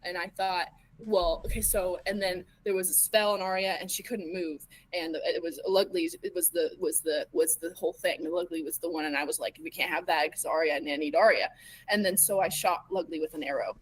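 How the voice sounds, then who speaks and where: A woman, a tabletop role-playing player, retelling events in character in a halting way, with plenty of stammers, fillers and restarts. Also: on the low side, steady tone, low-quality recording.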